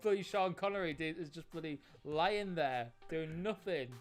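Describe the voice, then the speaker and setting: A man's voice: on the high side, normal speed, soft background music. A man commenting on a video game he plays with a friend, joking and laughing often. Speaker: streamer. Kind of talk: let's-play commentary.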